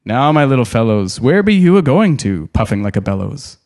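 A man's voice: mid-range voice, very animated, a little fast, a little mellow. A man voicing a jolly, carefree old forest spirit with a rustic, sing-song way of speaking in a storybook reading. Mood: hearty.

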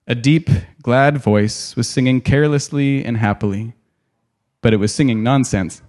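Male storyteller, expressive dramatic reading, mid-pitched voice, commentary between passages. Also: normal speed. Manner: expressive, dramatic read-aloud. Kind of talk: reading a novel aloud with commentary.

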